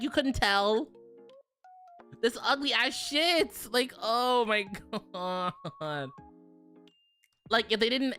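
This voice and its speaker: Bright-voiced young woman streamer, animated. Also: medium pitch. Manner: animated, profane, quick to laugh. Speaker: virtual streamer. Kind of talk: casual stream chat.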